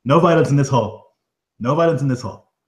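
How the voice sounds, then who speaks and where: A man's voice: medium pitch, a little fast, pitched above the performer's own voice, lightly acted. A man voicing a flustered, self-important male village elder who insists on peace in his hall. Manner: pleading, insistent, indignant. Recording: echoey room.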